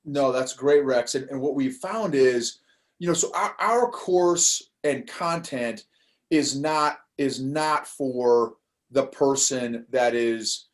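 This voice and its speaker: An older man talking as a podcast guest in a casual interview, animated and prone to quick restarts, laughing as he tells a story. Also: mid-range voice. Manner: animated, laughs while telling stories, frequent restarts. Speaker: podcast guest, course creator.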